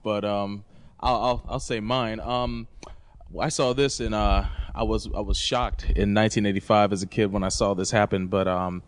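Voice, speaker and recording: A man's voice: fairly low pitch, fairly even intonation, normal speed, clear, resonant tone, dry recording. Laid-back man rambling on a podcast. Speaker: podcast host. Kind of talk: casual chat.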